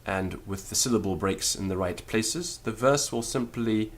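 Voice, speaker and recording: A man teaching Latin in a lecture, deliberate and careful, sounding out syllables one by one. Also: lowish voice. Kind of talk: spoken lecture.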